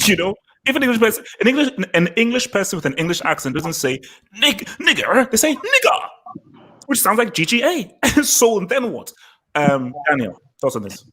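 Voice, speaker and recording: A man hosting a lively casual discussion, arguing his side before passing the conversation on. His voice is lively and swings widely in pitch, with a husky edge and a somewhat high register. He jumps back in quickly to steer who speaks next. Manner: animated, argumentative, hands the floor to others. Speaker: podcast host and moderator.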